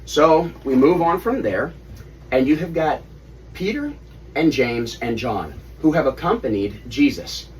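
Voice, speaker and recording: A man in his thirties retelling a story to his children at home, animated and stopping to quiz them. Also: mid-range voice, measured pace, a little hiss or hum. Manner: animated, asks kids questions. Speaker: father leading family Bible study. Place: family home. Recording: distant mic, faint room ambience.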